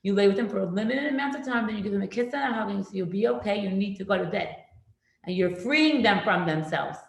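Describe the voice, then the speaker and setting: A middle-aged woman teaching a parenting class in a classroom, lively and acting out children's voices. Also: mid-range voice, quick pace, vocal fry. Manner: animated, acts out children's voices. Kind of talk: classroom lecture. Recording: very echoey room.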